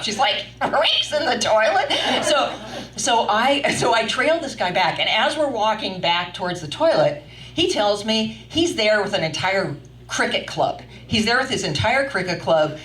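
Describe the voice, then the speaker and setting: A woman's voice: medium pitch, a little hiss or hum. Older woman telling a story, roomy and distant. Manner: animated, chatty, laughing often. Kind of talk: live storytelling to an audience. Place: wine bar, live event. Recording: roomy sound from a distant mic.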